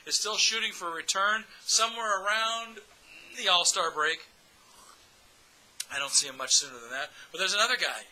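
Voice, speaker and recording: A man's voice: high voice, sharp tone, slight background noise, poor audio. A man hosting a casual fan podcast, chatty and upbeat, speaking straight to his audience. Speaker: podcast host.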